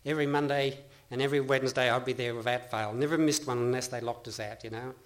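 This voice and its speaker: A man's voice: mid-range voice, steady tone, quick pace. A middle-aged Australian man giving a personal recovery testimony to a meeting, earnest and rambling, with frequent restarts and laughter. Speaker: speaker sharing his recovery story.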